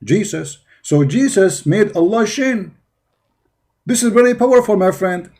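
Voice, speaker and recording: Male debater, slightly high voice, mellow tone, mocking and pushy. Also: animated, a little slow. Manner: mocking, interrupting, forceful. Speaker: debater, Christian apologist. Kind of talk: heated religious debate.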